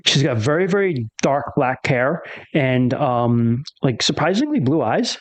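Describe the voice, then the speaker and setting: A man's voice: mid-range voice, big pitch swings, a little slow. A man narrating a tabletop game as game master, in a casual, loose way with lots of fillers.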